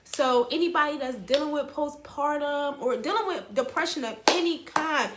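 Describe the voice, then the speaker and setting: A young woman vlogger tells her viewers a raw personal story to camera, blunt, emotional, and swearing freely. Her voice sits high and fairly bright at a moderate pace, in a reverberant space with a little hiss or hum.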